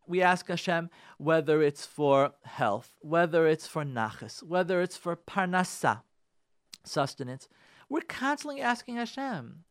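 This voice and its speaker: A middle-aged man gives an inspirational religious talk as a radio host. He is emphatic, repeats his points and speaks directly to his listeners, and his pitch swings widely. The sound is dry and close. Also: sing-song, unhurried, no room sound.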